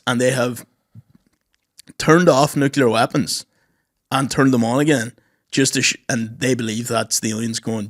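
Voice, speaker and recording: A man's voice: mid-range voice, dry recording, studio quality. A young Welsh man co-hosting a podcast, chatting casually and crudely with lots of swearing. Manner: crude, joking, swears a lot. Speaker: podcast co-host. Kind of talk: casual chat.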